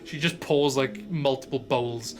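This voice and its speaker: A man's voice: medium pitch, measured pace. A man narrating as game master of a tabletop game, loose and chatty with lots of fillers.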